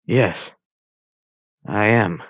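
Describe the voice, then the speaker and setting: A man voicing a stern, grieving police chief father, speaking low and heavy. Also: extremely slow, no room sound, heavily acted. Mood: grave. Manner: low, hushed, heavy delivery.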